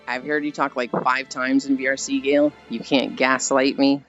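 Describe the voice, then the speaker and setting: A man's voice: medium pitch, flat delivery, moderate pace, few pauses, a bit bright. An American man chatting casually on a live stream, rambling and reading chat aloud. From United States. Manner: rambling, chatty, laughs at own stories. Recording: dull lo-fi audio with faint background music.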